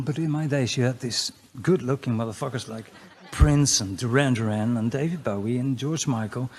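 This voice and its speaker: A man with a Dutch accent doing a crude, mocking stand-up routine, often jumping into loud, high exclamations. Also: a little hiss or hum. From Netherlands. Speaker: comedian.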